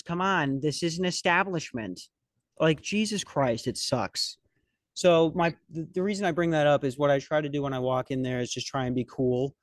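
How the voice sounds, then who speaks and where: A man's voice: fairly high pitch, darkish tone, no echo. A young man hosting a podcast, telling a comic story in a rambling, profane, self-mocking way. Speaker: podcast host. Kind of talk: comedic storytelling chat.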